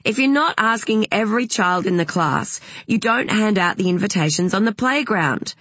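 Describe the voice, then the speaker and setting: A woman's voice: mid-range voice, expressive, fairly bright tone, no room sound, pitched above the performer's own voice. A narrator voicing an outspoken, hot-tempered woman, mother of young kids. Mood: indignant. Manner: emphatic, quick to flare up.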